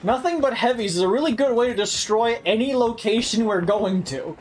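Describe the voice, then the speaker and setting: A friend on a gaming stream, tossing out dry, teasing remarks between rounds. The voice moves a lot in pitch, with clear noise under it. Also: animated, a little fast. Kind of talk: casual gaming chat.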